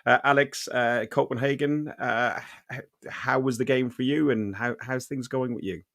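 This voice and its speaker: A man's voice: mid-range voice, fairly even intonation, normal speed, creaky, fairly bright tone, dry recording, studio quality. A man hosting a casual podcast, rambling and chatty, with lots of fillers and restarts. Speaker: podcast host. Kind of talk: casual chat.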